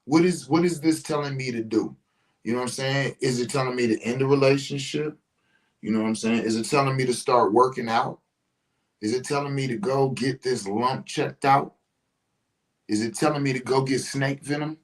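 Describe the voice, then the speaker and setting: A man hosting a casual spiritual talk, speaking in an animated, slangy way, swearing and often asking "you know what I'm saying". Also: mid-range voice, normal speed, low-quality recording. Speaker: podcast host.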